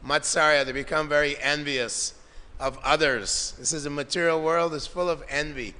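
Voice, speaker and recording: A man's voice: on the high side, steady tone, moderate pace, sharp tone. A man giving a devotional lecture, narrating scripture stories with quoted dialogue and Sanskrit terms, in a temple hall. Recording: long hall reverb.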